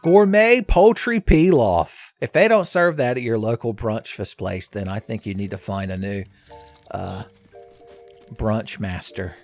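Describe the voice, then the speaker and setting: A man's voice: lowish voice, measured pace, vocal fry, faint music behind. A man hosting a let's play, rambling through casual game commentary with jokey, crude humor.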